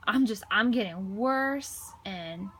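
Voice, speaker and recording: A woman voicing a deaf man's signed story aloud in first person, halting, with frequent restarts and repeated words. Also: mid-range voice, animated, a bit bright, a little hiss or hum. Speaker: voice-over interpreter for a deaf man.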